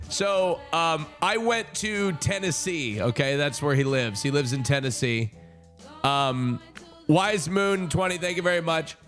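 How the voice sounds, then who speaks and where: A man streaming, telling a personal story to his chat in a casual, animated way, swearing and swinging between high indignant protests and low earnest tones.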